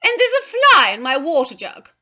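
A woman's voice: sits high, wildly swooping pitch, moderate pace, bright, forceful tone, lo-fi sound, voice pushed up, full character voice. A woman voicing a fretful, complaining middle-aged mother in an audiobook. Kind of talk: audiobook character voice.

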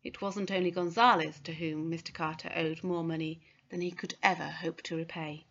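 Bright-voiced woman reading a story. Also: low-pitched, fairly even intonation, moderate pace, lo-fi sound. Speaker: audiobook narrator. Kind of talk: scripted narration.

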